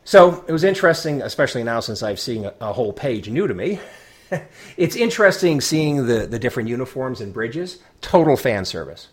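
A man co-hosting a podcast, chatting casually, opinionated and dry with deadpan asides, sometimes tripping over his words. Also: medium pitch, a little fast. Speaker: podcast co-host. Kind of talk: casual chat.

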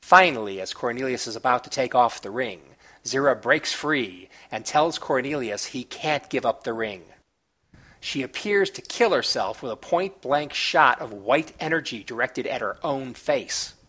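A man reviewing comic books, recapping the plot in a relaxed, chatty way with small asides. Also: medium pitch, a little slow.

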